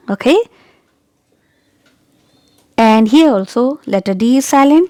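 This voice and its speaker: A woman teaching English pronunciation who says each word slowly and deliberately, repeats it, and keeps checking in with "okay?". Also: fairly high pitch, expressive, a little mellow, dry recording. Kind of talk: pronunciation lesson.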